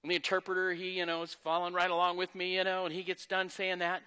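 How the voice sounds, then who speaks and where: A man pastor preaching a sermon with lively energy, moving between loud exclamations and quieter, conversational asides. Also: sits high, quick pace, clear, resonant tone, long reverb tail. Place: church sanctuary.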